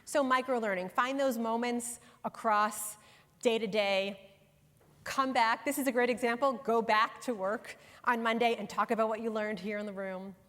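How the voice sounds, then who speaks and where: A woman's voice: a little high, fairly even intonation, moderate pace, fairly bright tone. A middle-aged woman from New York gives a conversational, emphatic workshop talk to professionals in a conference room. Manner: conversational and emphatic, speaking directly to the audience. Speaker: workshop presenter and author. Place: conference room before a live audience. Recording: long hall reverb in a large room.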